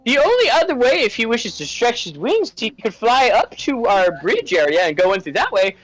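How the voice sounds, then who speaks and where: A man's voice: very high-pitched, sing-song, normal speed, fairly bright tone, soft background music, full character voice, rough recording. A man, the dungeon master of a tabletop game, voicing a sleepy, helpful small gnome guard who gives directions. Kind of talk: tabletop game role-play.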